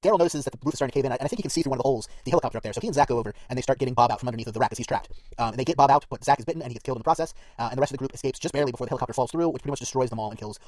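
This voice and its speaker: Male podcast co-host, mid-pitch, quick casual recap delivery, dry close mic. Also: darkish tone, no room sound. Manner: rapid, detailed retelling with fillers.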